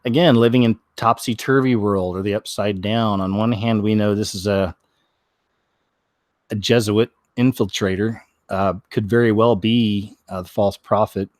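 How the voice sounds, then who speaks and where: Guy hosting his show, reads news out loud and trips on words, wry little comments, lowish voice, dry sound. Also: fairly even intonation, normal speed, no room sound. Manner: stumbles over words, wry asides, frequent throat clearing. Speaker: host. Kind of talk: reading news aloud with commentary.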